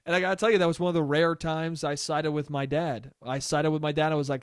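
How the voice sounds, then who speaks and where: A young man hosting a solo podcast, telling a rambling, profane story in a casual, animated way. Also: a little high, quick pace, hardly any pauses, smooth, dry recording, clean studio sound. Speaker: podcast host.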